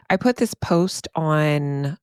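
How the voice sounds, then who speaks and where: A woman's voice: low voice, lively intonation, extremely slow, darkish tone, clear, resonant tone, no echo, clean studio sound. A woman therapist hosting her podcast, talking casually and emphatically with frequent laughs and asides. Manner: chatty and emphatic, often says "y'all".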